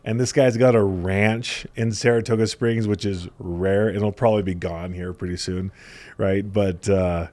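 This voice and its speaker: A young man with a somewhat low voice tells stories in a relaxed conversation. He gets animated, laughing and acting out the lines of the people he talks about. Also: unhurried. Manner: animated storyteller, laughs often, acts out quotes. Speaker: podcast guest, salesman. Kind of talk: casual storytelling chat.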